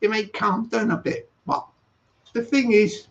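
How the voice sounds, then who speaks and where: An unhurried channel host with a high, gravelly voice rambles through a casual live-stream chat. He pauses to read the chat and fix his own slips, and the recording comes across dull and lo-fi.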